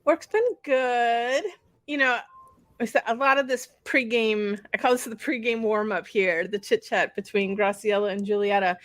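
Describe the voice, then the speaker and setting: A woman's voice: a little high, normal speed, fairly bright tone, no room sound. Earnest woman on a dry mic. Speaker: podcast co-host and bodyworker. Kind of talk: casual chat.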